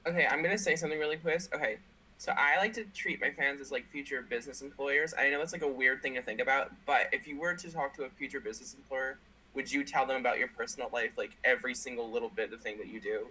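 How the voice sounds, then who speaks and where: A man chiming in on a casual podcast, quick and earnest. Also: medium pitch, steady tone, pushed and bright, slight background noise, low-quality recording. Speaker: podcast guest.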